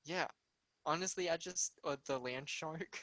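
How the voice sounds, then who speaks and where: A young man co-hosting a casual movie chat, eager and quick to agree. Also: on the high side, crowd noise. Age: young adult. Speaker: podcast co-host.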